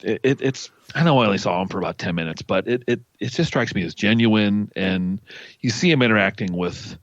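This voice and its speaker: A man's voice: fairly low pitch, fairly quick, no room sound. A man, a podcast guest, chatting casually and telling stories with enthusiasm. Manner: enthusiastic storyteller, animated. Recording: dull, dry lo-fi audio.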